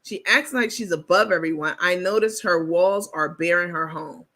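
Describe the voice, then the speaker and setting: A woman host from New York talks straight to her audience in a loose, candid chat. Her voice is bright and forward, and she leans on y'all and baby as she brags on herself. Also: lowish voice, moderate pace. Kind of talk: casual commentary to viewers.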